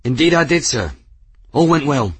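A man's voice: mid-range voice, sing-song, normal speed, husky, no echo, pitched above the performer's own voice. A man voicing a cheeky, wiry young male sailor in an audiobook, cheerful and eager. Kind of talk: audiobook character reading.

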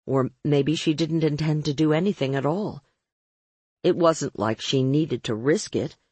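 A woman's voice: low-pitched, a little slow, darkish tone, breathy edge, no echo. A woman reading a first-person audiobook with wry, sardonic narration.

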